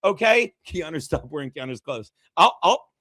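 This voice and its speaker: A man hosting a comedy podcast, ranting heatedly in casual chat and mocking people with quick impressions. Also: on the high side, very animated, a bit bright, dry recording, studio quality.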